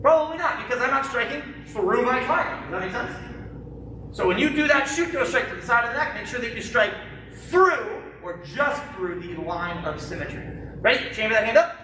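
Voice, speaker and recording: A martial arts instructor teaching a live-streamed kids' class in a studio, calling out sharp commands and joking between drills. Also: medium pitch, animated, normal speed, distant mic, a little hiss or hum. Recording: very echoey studio heard from afar.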